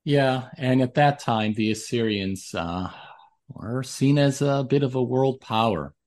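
A man's voice: mid-range voice, a little slow, a little mellow. Talkative male podcast host. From raised in a Greek household. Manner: rambling with frequent restarts. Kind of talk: casual interview conversation.

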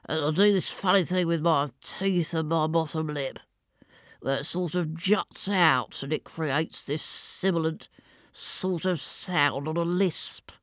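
A pompous, portly old gent, as a woman puts him on, all wet mouth and lisping sibilance. He wheezes audibly between thick, throaty pronouncements, as if about to run out of breath. The room is dry and close, with no echo. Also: low-pitched. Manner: pontificating, slow and thick-throated. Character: portly pompous older man, wheezy and self-satisfied. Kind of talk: demonstrating a character voice.

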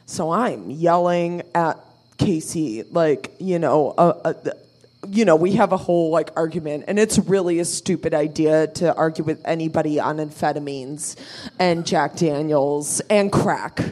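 A woman's voice: sits low, unhurried, a little mellow. A woman telling a rowdy, profane story at a live show, acting out her friends' voices as she goes. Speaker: storyteller guest.

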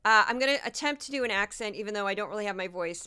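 A woman's voice: medium pitch, lively intonation, fast, hardly any pauses, pushed and bright, clean tone. A woman from Missouri hosting a solo podcast, talking in a casual, sarcastic and mocking way. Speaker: podcast host.

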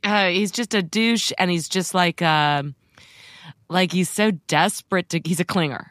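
Low-voiced, wry woman co-host. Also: a little slow, fairly bright tone, no echo, studio quality. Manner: wry, teasing, self-deprecating. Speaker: podcast co-host. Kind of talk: casual chat.

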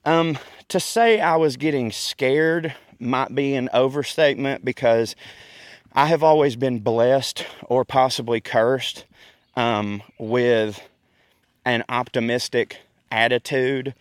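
Southern male host, mid pitch, folksy and winded, dry close sound. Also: slow pace, clear, resonant tone, dry recording. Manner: folksy, chatty, laughs often. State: out of breath. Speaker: podcast host. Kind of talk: casual outdoor rant. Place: outdoors in a park.

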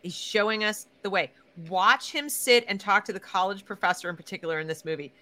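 A woman hosting a casual interview, talking in an emphatic, sarcastic and animated way. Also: mid-range voice, fairly quick. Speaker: podcast host.

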